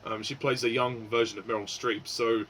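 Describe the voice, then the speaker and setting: A man's voice: mid-range voice, flat delivery, moderate pace, fairly bright tone, a little hiss or hum, rough recording. A man giving a casual spoken film review, hesitant, with many fillers and restarts.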